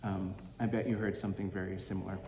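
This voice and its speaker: A man giving a Sunday reflection as minister, gentle and halting, fond of corny puns. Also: sits low, flat delivery, slight background noise. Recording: roomy echo with long hall reverb, faint ambience.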